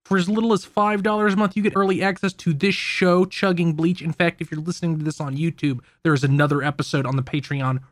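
A man's voice: a little high, steady tone, quick pace, hardly any pauses, no room sound. A man co-hosting a podcast, reading a membership plug in a chatty way, laughing now and then. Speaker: podcast co-host. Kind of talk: podcast ad read.

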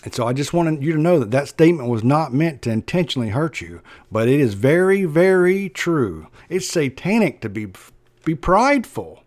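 A man preaching a sermon, emphatic and repetitive, slowing down to stress his points. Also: fairly high pitch, very animated, a little mellow, dry recording.

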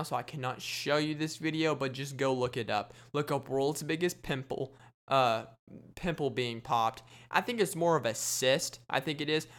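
A young adult man with a mid-range, fairly bright voice hosts a solo comedy podcast. He rambles and boasts, trading jokey gross-out banter.

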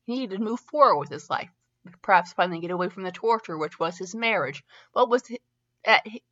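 A woman's voice: mid-range voice, expressive, a little fast, sharp tone, muffled recording. A woman hosting a show where she reads fanfiction aloud, often tripping over words and laughing at herself between passages. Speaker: podcast host reading fanfiction aloud. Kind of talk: reading a story aloud with comic asides.

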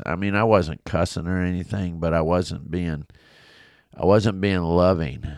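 A man's voice: sits low, dry recording. A middle-aged man, a pastor with a big coach's voice, telling a personal story in a devotional podcast, earnest and confessional with many restarts, recorded in his home office studio.

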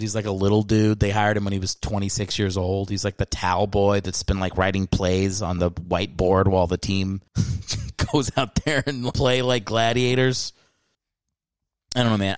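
Male solo podcaster, low-ish voice, loose profane rants, dry booth sound. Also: no room sound. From Philadelphia area. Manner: animated, profane, rambling with self-mocking asides. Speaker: podcast host. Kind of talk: casual solo podcast rant.

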